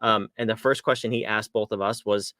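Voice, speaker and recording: A man's voice: on the low side, steady tone, brisk, bright, forceful tone, no echo, clean studio sound. A man co-hosting a business podcast, chatting casually and telling a jokey story. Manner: jokey, conversational. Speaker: podcast co-host. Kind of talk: casual chat.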